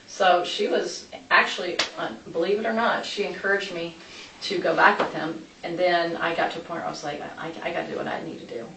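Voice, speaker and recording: Rambling woman with a low, gravelly voice. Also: fairly even intonation, sharp tone. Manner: rambling, chatty, quick to change course. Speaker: interviewee. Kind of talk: casual recounting to police. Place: interview room. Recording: echoey room, distant mic, light noise.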